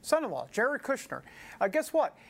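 A man's voice: very high-pitched, wildly swooping pitch, moderate pace, creaky, a bit bright, slight background noise. A man with a New York accent hosting a casual news show, joking and rambling with asides to the audience. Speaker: show host.

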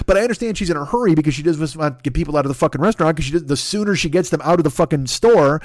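A man's voice: fairly high pitch, expressive, racing, few pauses, darkish tone, dry recording, clean studio sound. A man hosting a podcast, ranting in exasperated comic bursts full of profanity. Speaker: podcast host. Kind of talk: comedic rant. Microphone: podcast microphone.

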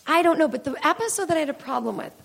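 A woman's voice: sits high, lively intonation, racing, vocal fry. A woman comedian hosting a live show on stage, rambling candidly and swearing freely with self-deprecating asides. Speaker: comedian podcast host. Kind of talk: live stand-up style chat with audience.

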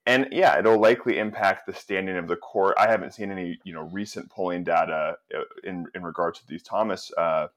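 Very deep-voiced journalist guest. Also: male voice, a little fast, a bit bright. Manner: thinking aloud, with restarts and hedging. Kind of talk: casual political podcast discussion.

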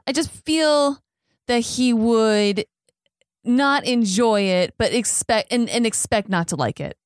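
A woman's voice: a little high, expressive, takes it slowly, smooth, dry recording, clean studio sound. A woman chatting as a podcast guest, musing and hesitant, laughing easily. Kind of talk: casual podcast chat.

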